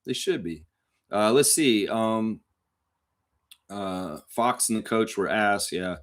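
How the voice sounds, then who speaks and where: A man's voice: fairly low pitch, slow pace. A man with a profane, heated manner, hosting a live reaction stream and reading out viewer comments. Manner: reads viewer comments aloud.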